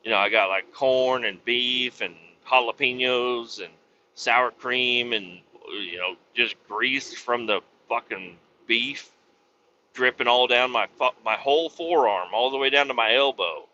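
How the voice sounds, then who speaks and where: Casual profane male host with a sharp bright voice, given to sudden yelps, recorded slightly muffled. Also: mid-range voice, a little slow, slight background noise. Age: adult with kids. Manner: profane, animated, breaks into loud exclamations. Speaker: podcast host. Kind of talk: casual storytelling monologue.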